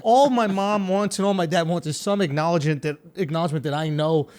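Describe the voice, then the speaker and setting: A man's voice: on the high side, steady tone, fast, darkish tone. A man in his thirties hosting a comedy podcast, telling a story animatedly and swearing freely. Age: 30s. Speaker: podcast host.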